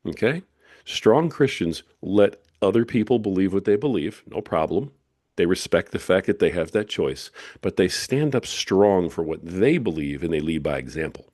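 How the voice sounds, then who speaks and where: A middle-aged man with a very low, deep voice hosts a solo podcast. He preaches in emphatic, punchy declarations. The sound is dry and close to the mic. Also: animated, normal speed, a little mellow, no echo. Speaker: podcast host.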